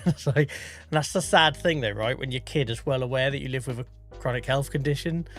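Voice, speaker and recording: A man's voice: medium pitch, fairly quick, fairly bright tone, faint music behind. A man in his thirties, a streamer, chatting casually with his viewers, a bit out of breath, greeting people by name and swearing now and then. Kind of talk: casual live-stream chat.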